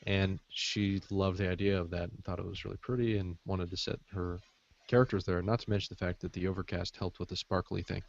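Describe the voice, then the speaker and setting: A man's voice: low-pitched, level tone, fairly quick, gravelly, a little hiss or hum. A man co-hosting a casual podcast chat, rambling with frequent fillers, heard over muffled call audio. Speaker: podcast co-host.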